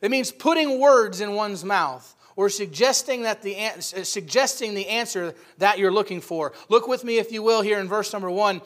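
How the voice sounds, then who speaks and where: Male preacher, high voice, emphatic sermon delivery. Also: moderate pace, few pauses. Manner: emphatic, rising loud for key points.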